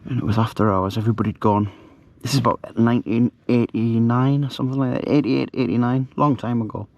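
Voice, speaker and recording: A middle-aged man talks at an ordinary middle pitch, rambling casually with plenty of fillers and restarts. He is recorded on a handheld camera outdoors at night. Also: steady tone, fast talker, darkish tone, no room sound. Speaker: camper vlogger. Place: outdoors at night in a bivvy bag.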